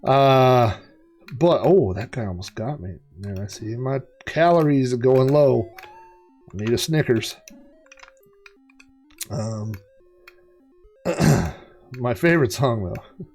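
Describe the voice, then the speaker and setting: A man in a middle pitch range talks loosely over his gameplay, drifting into anecdotes and laughing at his own jokes. His delivery is chatty and full of filler words. Faint retro game music sits behind him. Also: lively intonation, slow, long pauses, darkish tone. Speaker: let's play host. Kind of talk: casual gameplay commentary.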